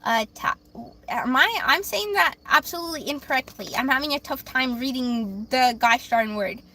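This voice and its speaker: A woman's voice: sits high, animated, normal speed, pushed and bright, slight background noise. A young woman reading tarot on a livestream, chatting casually through comments and stumbling over words. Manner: rambling, self-deprecating, stumbles over words.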